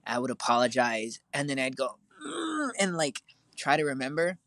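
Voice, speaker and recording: A man's voice: medium pitch, fairly quick, a bit bright, no echo. Casual teen guy podcast host, lots of "like" and "um", totally dry sound. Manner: rambling, filler-heavy storytelling. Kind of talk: casual chat.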